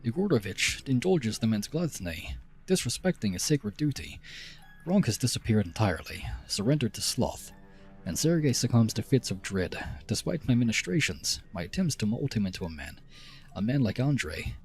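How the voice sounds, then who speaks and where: A man's voice: medium pitch, big pitch swings, normal speed, soft background music. A man putting on a Russian accent to voice a fervent, preaching ship captain reading his logs. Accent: put-on Russian. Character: ranting zealous male ship captain.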